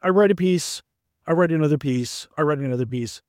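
Man, middle-aged, Southern US accent, author in an interview, lively storyteller, fairly high voice, dry close recording. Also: fairly quick, no echo. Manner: animated storyteller, acts out quoted friends in a raised voice.

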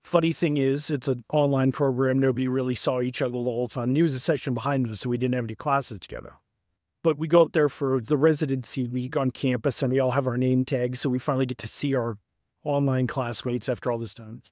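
Quick-paced and medium in pitch, this animated Southern author recounts stories during a relaxed interview. When quoting friends he plays them out in a raised voice, and the studio recording is clean and dry.

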